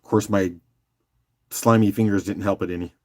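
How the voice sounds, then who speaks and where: A man hosting a casual live-stream rock auction, joking and chatting with viewers by name in a loose, unhurried way. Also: on the low side, steady tone, darkish tone. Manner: loose and unhurried, with fillers and restarts while doing other tasks.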